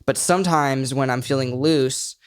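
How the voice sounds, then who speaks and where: A man's voice: medium pitch, moderate pace, clean tone. A young man with a mid-range voice, speaking as a podcast guest. He talks in an earnest, reflective way, loose and conversational, and the sound is dry and close with no echo.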